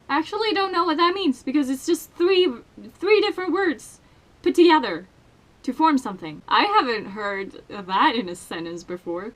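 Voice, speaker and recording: A woman's voice: high voice, animated, normal speed. A young woman from Sweden with a Swedish accent, chatting casually to camera in a crude, self-mocking, playful way. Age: young adult. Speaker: vlogger. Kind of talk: casual vlog chat. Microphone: headphones with desk mic.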